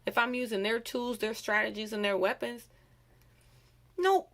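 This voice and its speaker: A woman giving a casual devotional talk, animated and acting out quoted voices. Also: a little high, brisk. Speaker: bible study teacher.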